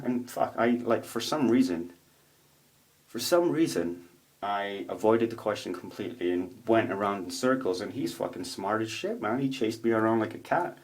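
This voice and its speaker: A man talks straight to his camera at home in a loose, rambling monologue. His voice sits a little low. He swears freely and gets animated as he tells his stories. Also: moderate pace. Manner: profane, rambling, animated storytelling. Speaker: vlogger. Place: home room with a roommate nearby.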